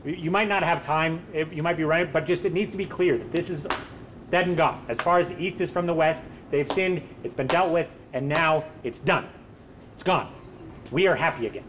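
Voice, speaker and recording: A man's voice: a little high, fairly quick, noisy background. A man preaching a sermon in an emphatic way, posing rhetorical questions and answering them himself.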